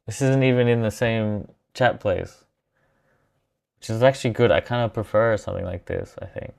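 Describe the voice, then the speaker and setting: Male streamer, low smooth voice, loose and unscripted, musing to himself as he tests tools. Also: moderate pace, a little mellow. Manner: thinking aloud, reacting as he tries things. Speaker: livestream host testing software. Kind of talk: casual live-stream commentary.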